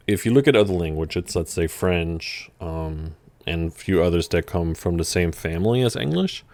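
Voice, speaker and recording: A man giving a relaxed, chatty language lesson, with fillers and restarts. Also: low voice, no room sound. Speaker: language teacher. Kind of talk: casual vocabulary lesson.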